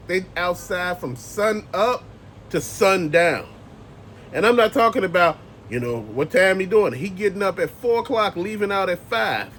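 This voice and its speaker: Profane ranting man, high voice. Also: animated, unhurried, a bit bright, slight background noise. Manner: profane, emphatic, heated ranting. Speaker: channel host. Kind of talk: ranting commentary vlog.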